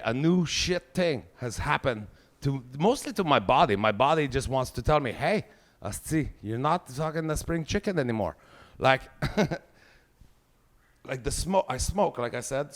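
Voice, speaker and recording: A man in his forties with a Québécois French accent, doing a profane, ranting stand-up comedy set. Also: fairly high pitch. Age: 40s. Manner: profane, ranting, swears heavily.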